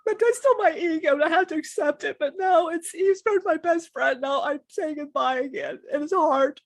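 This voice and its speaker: Speaking at normal speed in a high-pitched voice, this channeler co-host opens up on a live stream about her personal struggles. She wanders emotionally, keeps restarting sentences and cusses casually, with no echo in the recording.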